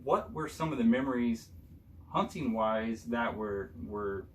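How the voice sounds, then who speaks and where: A man's voice: medium pitch, animated, measured pace, far from the mic, slight background noise. Man asking questions from off-mic. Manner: prompting, informal, many fillers. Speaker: son interviewing his father. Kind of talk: casual conversational interviewing.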